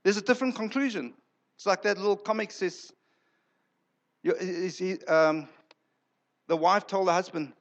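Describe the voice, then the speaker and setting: A man's voice: sits high, steady tone, normal speed, pauses often, dull audio. A male pastor preaching a sermon in a church, emphatic, repeating words for effect and acting out quoted lines.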